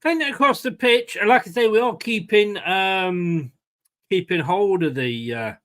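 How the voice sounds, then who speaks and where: Male fan host, rambling play-by-play mixed with chat to viewers, voice pitched a touch high. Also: lively intonation, measured pace, fairly bright tone. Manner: chatty, rambling, answers viewers' comments by name. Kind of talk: casual live match watchalong commentary.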